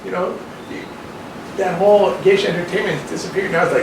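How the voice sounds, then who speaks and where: A man from Canada giving a casual talk to a small audience in a restaurant, rambling and animated, often acting out other people's voices. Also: high-pitched, brisk, vocal fry. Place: restaurant room. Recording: echoey room, distant mic, background noise.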